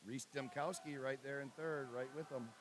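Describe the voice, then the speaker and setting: A man announcing lane assignments and calling races as commentator for a swim meet livestream, with a steady list-reading cadence. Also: mid-range voice, moderate pace, background noise. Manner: reads lane lists in a steady cadence, banters with co-host.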